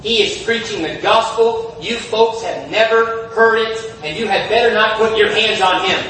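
A man's voice: high-pitched, normal speed, bright, forceful tone, a little hiss or hum. A man quoting an old silver-haired male deacon giving a firm, earnest warning. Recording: very echoey, distant from the mic.

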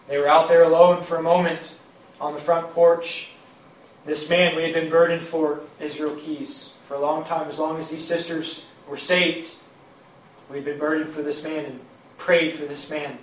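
Male preacher, fervent repetitive delivery, higher-pitched, distant mic. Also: a bit bright. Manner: impassioned, repetitive preaching with swelling emphasis. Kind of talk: sermon. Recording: echoey room, mic at a distance.

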